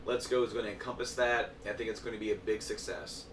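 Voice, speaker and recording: A man's voice: fairly low pitch, fairly even intonation, fast. A man who is a guest on a podcast, chatting casually and upbeat about games. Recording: echoey room, distant mic, noisy.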